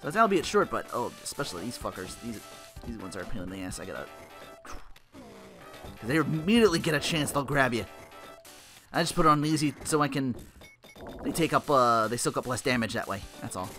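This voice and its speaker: A man's voice: mid-range voice, animated, a little fast, long pauses, fairly bright tone. A man giving casual, rambling gameplay commentary, cursing freely and cracking jokes as he plays. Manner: rambling, profane, joking asides. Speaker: let's play host. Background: game music.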